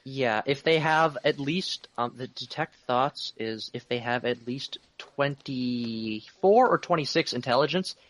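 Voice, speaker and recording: A man playing a tabletop game, asking rules questions and thinking out loud. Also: medium pitch, unhurried, hardly any pauses. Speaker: player. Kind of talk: casual tabletop play.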